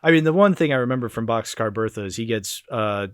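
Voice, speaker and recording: A man's voice: medium pitch, expressive, quick pace, clean tone, no echo, studio quality. A man hosting a casual movie podcast, loose and profane, laughing often and launching into playful rants. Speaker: podcast host.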